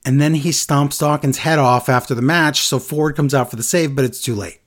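A man chatting casually on a podcast, animated and acting out quotes in a lowered voice. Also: normal speed. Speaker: podcast co-host recapping wrestling. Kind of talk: casual chat.

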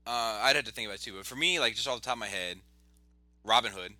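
A man's voice: medium pitch, quick pace, no echo. A man hosting a casual podcast chat, telling stories in a loose, swearing way. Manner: animated, swearing storyteller.

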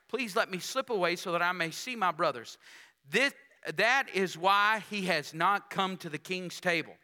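Preacher guy, high bright voice, keeps asking the church if they're hearing him. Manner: call-and-response preaching, rhetorical questions to the congregation; reads scripture aloud with dramatic emphasis. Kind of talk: sermon.

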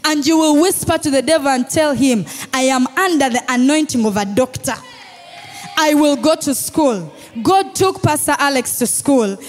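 A woman pastor with a Ugandan English accent, preaching a sermon with shouted declarations and call-and-response to the congregation. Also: high-pitched, moderate pace. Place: church hall. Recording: long reverb in a large hall with music.

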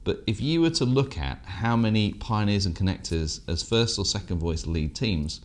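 Deep-voiced British man, dry wit. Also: moderate pace. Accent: British English. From England. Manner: dry, self-deprecating humour. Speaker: podcast co-host. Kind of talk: casual business podcast chat.

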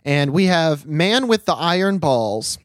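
A man's voice: a little high, very animated, unhurried, dry recording, clean studio sound. A man co-hosting a casual chat podcast, sarcastic and profane, laughing often. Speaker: podcast co-host.

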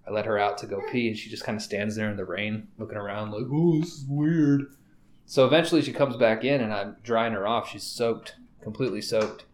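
Man, podcast host, rambling, profane, casual chat, audible background noise. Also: fairly low pitch.

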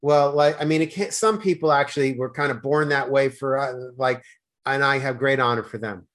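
A man with a Boston accent talking fast as a podcast guest, with stammered restarts and slurred words. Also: medium pitch, fairly bright tone. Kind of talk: casual conversation.

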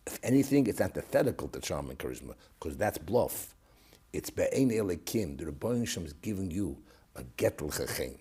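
Animated husky man telling a story. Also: sits low, fairly quick. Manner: animated storytelling, swings from loud to hushed. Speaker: guest recalling his father. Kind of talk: storytelling interview.

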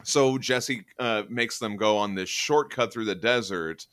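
A man's voice: on the low side, a little slow, a bit bright, clear, resonant tone, dry recording, clean studio sound. A man hosting a podcast, recapping a story in a casual, chatty way with lots of fillers. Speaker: podcast host. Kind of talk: casual book-club discussion.

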